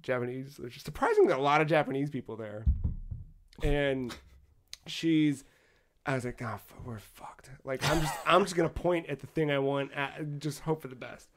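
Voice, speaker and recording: A man co-hosting a podcast, telling a travel story in a casual, animated way with frequent swearing. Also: on the high side, normal speed. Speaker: podcast co-host.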